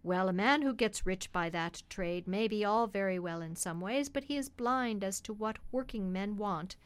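A woman reading the part of a principled working cab driver, a father who speaks gravely and firmly. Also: medium pitch, moderate pace, lightly acted. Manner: grave, firm and earnest. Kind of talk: reading a children's classic on radio.

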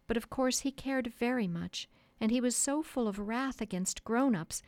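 A woman reading a children's classic aloud in a measured, expressive storytelling manner. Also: a little high, no room sound. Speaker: audiobook narrator. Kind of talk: scripted narration. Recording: dry close studio sound.

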